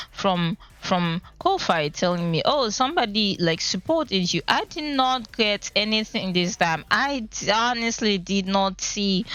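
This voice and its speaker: Halting streamer with a cracking voice. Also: medium pitch, a bit bright, clear, resonant tone, highs cut off. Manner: halting and stammering, repeats words. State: voice cracking with emotion. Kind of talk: casual live-stream talk. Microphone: laptop microphone.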